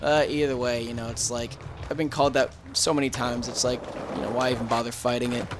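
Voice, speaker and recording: A man's voice: medium pitch, flat delivery, fast talker, crowd noise. A young man chatting casually while streaming a game, telling a rambling story with frequent laughs and swearing. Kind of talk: casual gaming chat.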